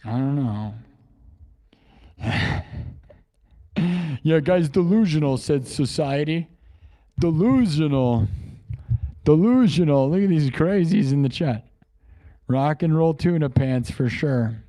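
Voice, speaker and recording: Man, livestream host, joking rants, rambling, fairly high voice, long reverb. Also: lively intonation, slow pace, long pauses, mellow. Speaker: livestream host and improvising musician. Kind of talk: rambling comedic livestream chat.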